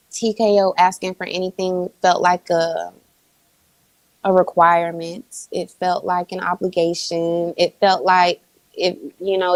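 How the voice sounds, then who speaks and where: A woman's voice: lowish voice, no room sound, poor audio. A woman guest telling her account in casual chat, explaining steadily with frequent fillers. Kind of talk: casual storytelling.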